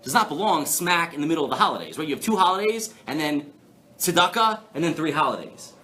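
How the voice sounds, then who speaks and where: Animated man teaching a live class. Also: a little high, fast talker. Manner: animated, rhetorical questions, playful asides. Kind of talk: live Torah class, lively lecture. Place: synagogue hall before an audience.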